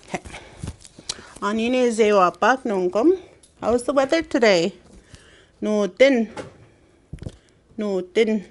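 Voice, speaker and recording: A woman leads a classroom language lesson at a very slow pace. She says each word several times, patiently, so learners can repeat it. Her voice sits in an ordinary middle pitch. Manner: repeats words slowly for learners. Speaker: language teacher.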